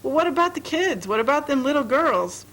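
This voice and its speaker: A woman's voice: sits high, sing-song, a little fast, a bit bright, pitched above the performer's own voice, poor audio. Woman doing a chatty folksy waitress. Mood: curious. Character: chatty young waitress friend, easygoing.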